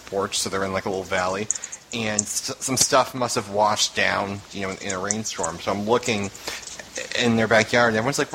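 Bright-voiced teasing podcast host man. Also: lowish voice, a little hiss or hum, rough recording. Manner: rambling, teasing storyteller. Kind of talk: casual podcast banter.

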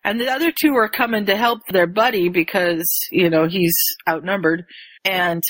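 A woman casually retelling a story as a podcast co-host, animated and quick to jump into high voices for the people she quotes. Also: no echo, poor audio. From rural area with chicken farms. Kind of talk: casual chat.

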